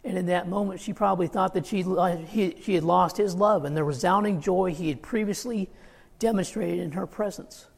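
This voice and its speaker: A man's voice: high voice, normal speed, vocal fry, slightly rough, long reverb tail. A man preaching a sermon, earnest and emphatic, quoting scripture as he goes.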